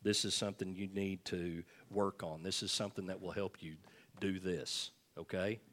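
A man's voice: deep voice, steady tone, moderate pace, a bit bright. A man preaching a sermon as pastor, reading scripture aloud and breaking in with folksy jokes and asides.

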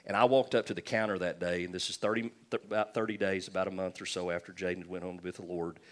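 A man's voice: sits low, fairly even intonation, fast. A man preaching a sermon, telling a personal story and calling for amens. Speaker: pastor.

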